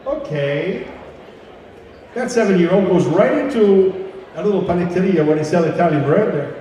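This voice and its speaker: A man's voice: high-pitched, brisk, warm tone, a little hiss or hum. A man emceeing a live gala, chatting and ad-libbing to the room over a PA microphone. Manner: chatty, ad-libbing, addresses the crowd. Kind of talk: live event hosting and joke telling. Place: large banquet hall. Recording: echoey hall PA, from far off.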